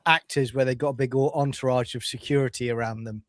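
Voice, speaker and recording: A man's voice: medium pitch, steady tone, fairly quick, no echo. A man co-hosting a casual pub chat, bantering in a jokey, exasperated way. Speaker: co-host.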